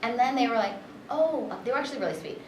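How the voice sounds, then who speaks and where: A woman's voice: fairly high pitch, rapid-fire, slight background noise. Chatty woman in an echoey convention room. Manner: chatty, filler-heavy, animated retelling. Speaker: voice actress and director. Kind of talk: convention panel interview, storytelling. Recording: echoey room, distant mic, background chatter.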